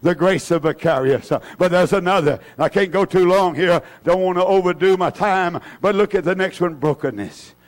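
High-voiced fervent preacher man. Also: normal speed, few pauses. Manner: fervent, repetitive preaching with many fillers and restarts. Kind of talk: revival sermon.

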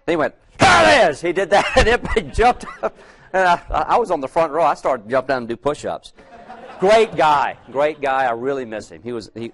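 A middle-aged man with a drawl preaches in a relaxed, conversational way. He poses questions to his listeners and slows down to read old-style scripture aloud. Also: medium pitch. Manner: asks the congregation questions, reads King James verses slowly. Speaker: lay preacher. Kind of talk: conversational sermon with scripture reading.

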